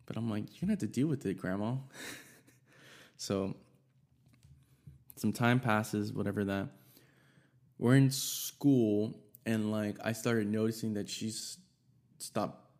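A young man with a lowish, gravelly voice tells a story from his own life in an easy, loose way. He swears freely and livens up whenever he quotes someone. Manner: casual, profane, animated when quoting people. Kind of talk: casual personal storytelling.

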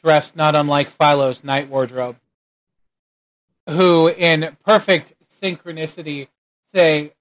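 Game master, man, somewhat higher voice, relaxed narration with many ums. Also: slow, long pauses. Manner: relaxed, chuckling, hesitant fillers.

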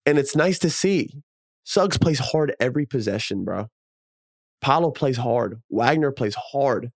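A man, a former professional basketball player, co-hosting a casual sports podcast, talking in an animated, emphatic way with slang and casual swearing. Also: medium pitch, a little slow, dry recording, studio quality.

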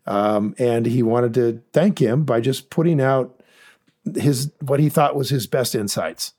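A man co-hosting a casual investing podcast, talking in an animated, rambling way with many restarts. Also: medium pitch, unhurried. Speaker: podcast co-host.

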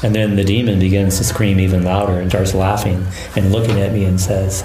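A man who is a Catholic priest and exorcist, calmly recounting a case in an interview. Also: sits low, faint music behind. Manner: calm, measured storytelling. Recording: echoey room.

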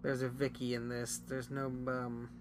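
A man's voice: medium pitch, monotone, a little slow, background noise. A man co-hosting a podcast in casual chat, rambling and teasing. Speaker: podcast co-host.

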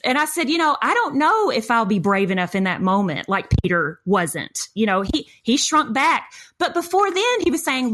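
A middle-aged woman telling a story in conversation, acting out quotes with lively shifts in voice. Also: moderate pace, few pauses. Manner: expressive, acts out quotes with big pitch jumps.

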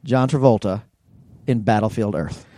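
A man's voice: lowish voice, moderate pace, dry recording, studio quality. A man co-hosting a podcast, joking and swearing as he retells movie scenes. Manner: profane, jokey, animated retelling. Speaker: podcast co-host. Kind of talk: casual chat.

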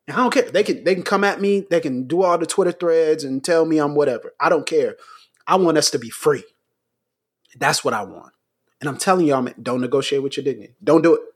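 A man co-hosting a talk show who gives impassioned commentary. He hammers his points through repetition and surges upward into near-shouts. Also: a little high, fairly quick, breathy edge. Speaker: podcast co-host.

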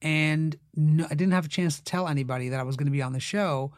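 A man's voice: on the high side, quick pace, no room sound, studio quality. A middle-aged actor guest in a casual interview, telling stories with lots of fillers and acting out the voices he quotes. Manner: animated, acts out quoted voices, many fillers.

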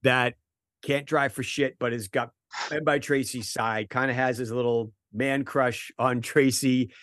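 A man's voice: mid-range voice, fairly even intonation, measured pace, fairly bright tone, no echo, studio quality. A man with a Boston accent hosting a casual book chat over an online call, chatty and profane. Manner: chatty, profane, repeats words.

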